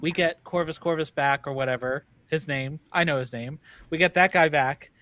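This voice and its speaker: A man's voice: fairly high pitch, moderate pace, sharp tone, no echo. A man playing a tabletop game, talking in a hesitant, wheedling way with many fillers. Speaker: player. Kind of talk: casual tabletop game chat.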